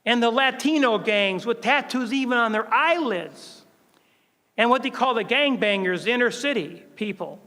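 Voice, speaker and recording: Older male speaker with a very high, light voice. Animated storyteller at a prayer breakfast. Recorded on a stage mic in a big hall. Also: normal speed. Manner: lively storyteller, acts out quoted voices and laughs often. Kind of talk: storytelling testimony speech. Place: large event hall. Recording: long hall reverb.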